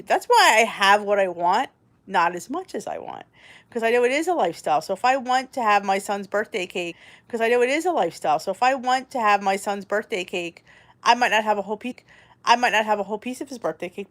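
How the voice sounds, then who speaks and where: A woman in her forties hosts a casual chat in an everyday middle-pitched voice. She talks in a chatty, rambling, candid way, with plenty of restarts. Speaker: host.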